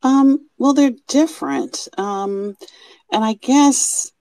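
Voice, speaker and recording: A woman speaking in a recorded interview, measured and hesitant with fillers. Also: a little high, warm tone, no echo.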